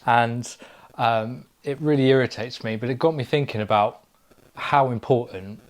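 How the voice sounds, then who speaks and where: Easygoing guy thinking out loud, lists off his points, podcast at home. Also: medium pitch, normal speed. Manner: relaxed, reflective, builds points with lists. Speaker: estate agent and podcast co-host. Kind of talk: casual conversation. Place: living room.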